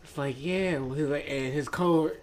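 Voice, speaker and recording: A man's voice: on the high side, moderate pace, slight background noise. A man co-hosting a podcast, casually telling an anecdote and imitating the people in it. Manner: laughing anecdote-telling with impressions of others. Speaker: podcast co-host. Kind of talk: casual chat.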